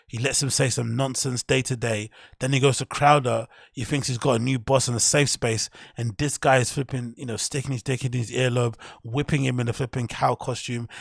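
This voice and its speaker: A man's voice: medium pitch, creaky, no room sound, studio quality. A man hosting his podcast, ranting in a casual, profane, heated and rambling way. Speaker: podcast host. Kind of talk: casual commentary rant.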